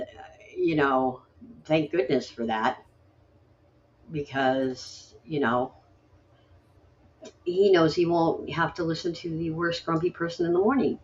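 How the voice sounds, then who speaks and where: A woman's voice: low-pitched, takes it slowly, long pauses, lo-fi sound, slight background noise. A woman hosting a late-night poetry stream, chatting casually in a rambling, grumbly, self-deprecating way. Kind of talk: casual chat.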